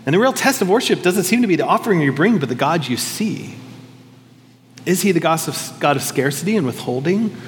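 A man's voice: a little high, lively intonation, a little fast, in a large hall, slight background noise. A male pastor preaching a sermon in a conversational, reflective way, often questioning himself aloud.

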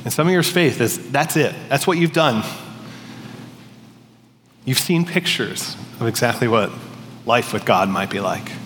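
A man giving a sermon in a casual, storytelling manner, stumbling over words now and then. His mid-pitched voice carries a long hall reverb over faint background noise. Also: expressive, a little slow, long pauses, fairly bright tone. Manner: conversational, storytelling with restarts. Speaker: pastor.

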